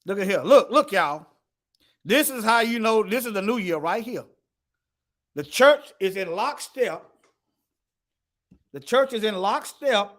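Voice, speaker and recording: A very high-pitched, fairly bright male voice delivers Bible teaching to an online audience. The style is emphatic preaching, with scripture read aloud and listeners spoken to directly.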